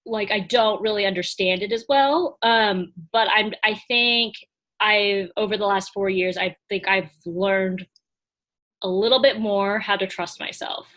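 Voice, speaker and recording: A woman chats as a podcast guest in a loose, casual way, sprinkling in "like" and short laughs. Now and then she acts out her own inner voice as she talks. Her voice sits at an ordinary middle pitch. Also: a little slow, fairly bright tone. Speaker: podcast guest, small business owner and coach. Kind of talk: casual conversational interview.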